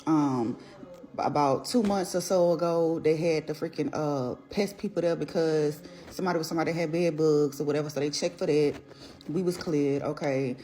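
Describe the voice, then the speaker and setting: A woman's voice: sits low, moderate pace, warm tone. A mother telling a casual storytime, blunt and profane, rambling as she vents about her complaints.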